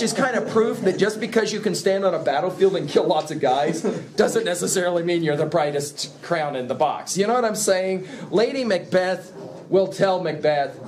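A middle-aged man giving an emphatic classroom lecture on a play, animated and quick to chuckle as he explains. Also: high-pitched. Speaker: literature teacher.

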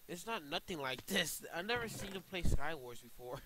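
A young man giving excitable live commentary over his own gameplay, often yelping and laughing. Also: fairly high pitch, normal speed, a little hiss or hum, rough recording. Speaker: gaming YouTuber.

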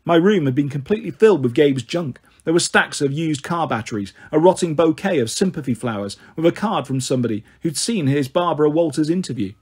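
Husky-voiced man narrating a story. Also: fairly high pitch, fairly quick, few pauses. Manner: first-person storytelling, steady reading. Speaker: audiobook narrator. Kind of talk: scripted narration.

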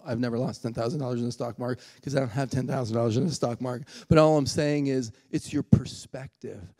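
A man preaching a sermon in a church, telling a funny story with lively, animated delivery. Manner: animated, jumps high when acting out his excited self. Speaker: guest preacher. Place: church sanctuary.

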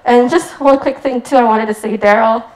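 Young american woman doing a wedding toast, kinda high voice, giggly and rambly, says like a lot. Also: fairly even intonation, moderate pace, low-quality recording. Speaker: maid of honor giving a wedding toast.

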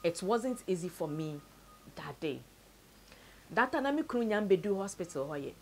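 A Ghanaian woman with a somewhat low voice tells a painful story from her own life. She mixes Twi and English and often drops to a quiet, sunken tone. A faint noise sits under the recording. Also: expressive, normal speed, long pauses. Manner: tells a sad story, switches between Twi and English, voice sinks low and soft. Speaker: interviewee. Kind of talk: personal story told to camera.

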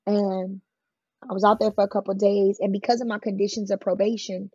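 Woman guest telling her story, plain-spoken and frank, raspy and gravelly, on a dry recording. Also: mid-range voice, little pitch movement, fairly quick, darkish tone, no echo, dull audio. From California. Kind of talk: emotional personal storytelling in an interview.

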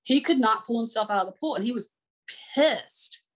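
A woman's voice: on the high side, animated, normal speed. A woman working as an adaptive sports swim coach, telling candid, heartfelt stories in an interview. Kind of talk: conversational interview storytelling.

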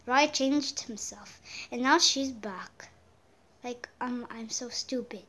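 High-voiced woman taunting through gameplay. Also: unhurried. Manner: taunting other players, swinging between loud yelps and murmured asides. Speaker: gameplay commentator. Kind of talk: casual gameplay commentary.

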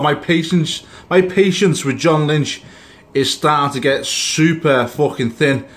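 A man's voice: fairly high pitch, fairly even intonation, takes it slowly, fairly bright tone. A man ranting angrily about his football team in a reaction video, swearing and rambling as he vents his frustration. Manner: angry, swearing, rambling rant. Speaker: sports fan vlogger.

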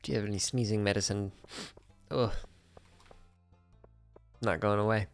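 Deep gravelly male streamer. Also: normal speed, faint music behind. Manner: relaxed, talks to himself while playing. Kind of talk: casual gaming stream chat.

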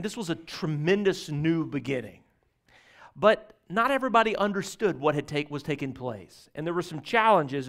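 Pastor preaching in a fairly high voice. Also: male voice. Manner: conversational, folksy storytelling with shifts in loudness. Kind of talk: sermon. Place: church sanctuary.

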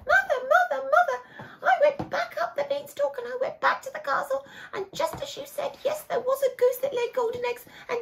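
A woman's voice: very high voice, normal speed, vocal fry, fairly bright tone, recorded from a distance, voice pushed up, heavily acted. A woman doing squealing boy Jack. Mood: excited. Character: excited young boy Jack.

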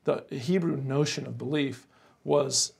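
Gravelly-voiced man telling stories on a podcast. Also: mid-range voice, unhurried. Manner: animated storytelling, says "bro" and "crazy". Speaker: pastor and podcast host. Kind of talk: casual podcast conversation.

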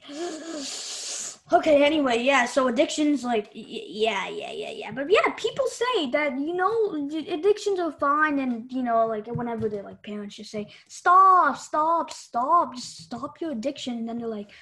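High-voiced woman rambling through a joke vlog. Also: lively intonation, normal speed. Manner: rambling and playful, often losing track and repeating words. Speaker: host of a joke therapy show. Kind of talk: casual comedic vlog monologue.

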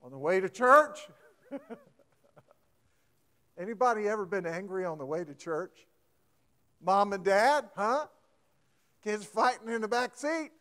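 A man's voice: high voice, lively intonation, a little slow, long pauses, fairly bright tone. A man preaching a folksy sermon, often asking the congregation questions and getting emphatic.

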